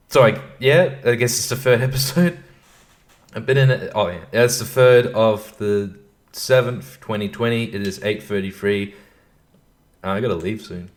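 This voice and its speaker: A man's voice: on the low side, moderate pace. A man hosting a casual solo podcast from his computer at home, rambling, breaking off mid-thought and laughing at himself. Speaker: podcast host. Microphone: computer microphone at his desk.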